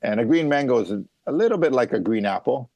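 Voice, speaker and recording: A man's voice: mid-range voice, expressive, fairly quick, a little mellow, dry recording, dull audio. A middle-aged man from Hawaii, a mango farmer being interviewed, who explains things casually with many fillers and restarts.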